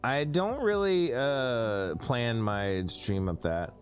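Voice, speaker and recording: Brief: Southern US man, streamer, rambling chat with a lively pitch, faint music underneath. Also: takes it slowly. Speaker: live streamer. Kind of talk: casual chat with stream viewers.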